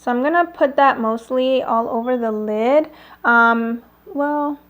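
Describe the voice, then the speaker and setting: A beauty vlogger talks through a casual makeup tutorial at home, chatty and full of fillers and little laughs, while airplanes pass nearby. Her voice is high and unhurried.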